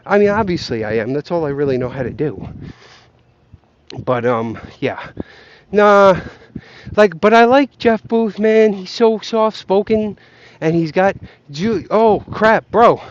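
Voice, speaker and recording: A man's voice: sits high, expressive, unhurried. Young man, casual rant, swears a lot, rambling, self-doubting, outdoors, dull lo-fi sound. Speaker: vlogger. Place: outdoors, near geese. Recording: muffled lo-fi recording.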